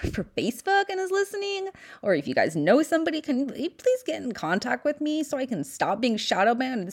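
A young woman from the San Fernando Valley with a Valley Girl accent, hosting a podcast in casual, candid, profane chat. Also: mid-range voice. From San Fernando Valley, California. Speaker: podcast host.

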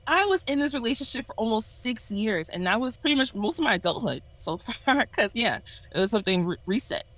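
A woman's voice: fairly high pitch, very animated, fairly quick, a bit bright, low-quality recording. A woman in her twenties sharing a candid personal testimony on a podcast in an earnest, self-reflective way. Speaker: ministry leader sharing a testimony.

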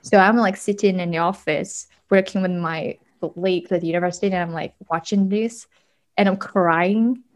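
Chatty woman telling animated stories. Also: lowish voice, moderate pace, low-quality recording. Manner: animated storyteller, laughs often, many fillers. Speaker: guest working in media. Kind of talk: casual storytelling interview.

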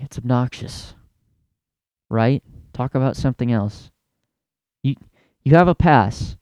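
A young man hosting a comedy podcast, ranting in a profane, exasperated way with loud outbursts. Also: medium pitch, slow, long pauses, dry recording. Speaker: podcast host.

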